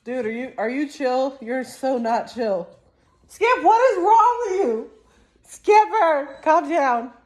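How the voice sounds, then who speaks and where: Young woman vlogger, unhurried, giggly and scattered, slightly high voice. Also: animated. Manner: giddy and giggly, rambling with many restarts. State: tired. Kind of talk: rambling casual vlog.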